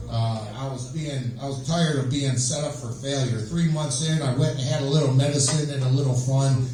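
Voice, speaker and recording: A man doing a novice stand-up comedy set, telling deadpan stories with acted dialogue. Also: mid-range voice. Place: open mic at a small venue. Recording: echoey room, far from mic, crowd noise.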